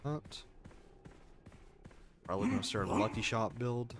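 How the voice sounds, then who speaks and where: A man's voice: fairly low pitch, animated, unhurried. A man streaming a game, chatting casually with friends, teasing and swearing and laughing often. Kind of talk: casual gaming chat with friends. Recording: game music under voice. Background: game music and gunfire.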